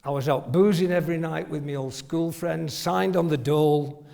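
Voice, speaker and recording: Speaking at a moderate pace, this northern English man in his 70s, once a family doctor, spins funny, self-mocking anecdotes for an audience and chuckles frequently. His fairly high voice carries vocal fry and a dark tone, recorded with long hall reverb.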